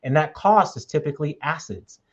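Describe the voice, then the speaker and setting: A man's voice: fairly high pitch, animated, brisk. Podcast host, male, emphatic, leans on "okay?", muffled recording. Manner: emphatic, repeats points with "okay?". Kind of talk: casual podcast conversation.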